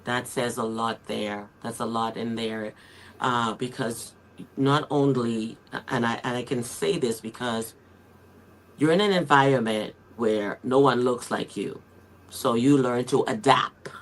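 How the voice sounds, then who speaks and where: A woman's voice: a bass voice, steady tone, measured pace. A woman moderating a podcast panel discussion, affirming and reflecting back to a guest in a direct, conversational way.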